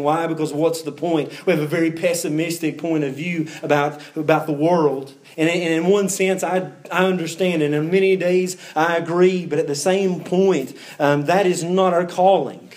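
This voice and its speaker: A man's voice: sits high, a little mellow. A man preaching an expository sermon, earnest and emphatic, often repeating words as he searches for the next phrase.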